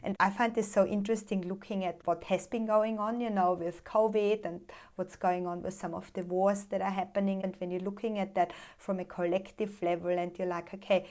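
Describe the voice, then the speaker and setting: A woman's voice: mid-range voice, steady tone, fairly quick, few pauses, a little mellow. A woman hosting a podcast, reflecting in long, flowing thoughts during a conversational interview. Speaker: podcast host.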